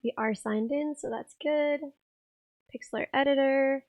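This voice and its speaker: Young female streamer, hoarse and rough, slightly high, giggly casual chatter, dry sound. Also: slow, darkish tone, no echo. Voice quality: rough, raspy voice. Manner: chatty, giggly, reads chat aloud. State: hoarse, tired voice. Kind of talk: casual live-stream chat.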